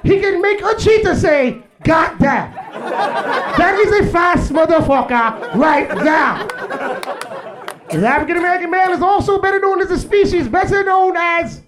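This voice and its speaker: A man's voice: very high-pitched, moderate pace, a crowd in the background, noisy background, voice pushed up. A man voicing a stiff, clinical male nature-documentary narrator in a mock-formal tone. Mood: mock-solemn.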